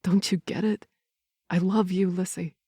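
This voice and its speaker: A woman voicing a protective, blunt young male werewolf in an audiobook, speaking a little lower and in an earnest, steady way. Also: normal speed, slightly rough, no room sound, studio quality. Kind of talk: audiobook character reading.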